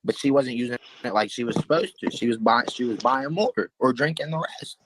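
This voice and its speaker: A man's voice: medium pitch, brisk, background noise. A man arguing bluntly with his mother in a heated family dispute. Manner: confrontational, blunt. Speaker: adult son in a family dispute.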